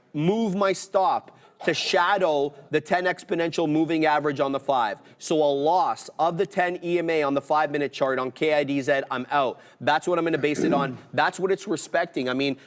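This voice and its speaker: A man hosting a live trading stream, calling out prices and orders in energetic play-by-play with sudden hype outbursts. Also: fairly high pitch.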